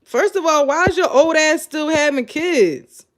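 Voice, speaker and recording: A woman hosting a show, giving blunt, animated, incredulous reaction commentary straight to her audience. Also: high-pitched, a little slow. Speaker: show host. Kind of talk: casual live reaction commentary.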